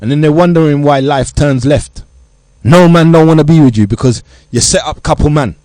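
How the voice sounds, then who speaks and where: A man's voice: a little high, normal speed, mellow, dry recording. Man middle-aged host, preachy and blunt, raised voice, dry close sound. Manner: preachy, blunt, lecturing in street slang. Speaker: show host addressing youth. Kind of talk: impassioned monologue.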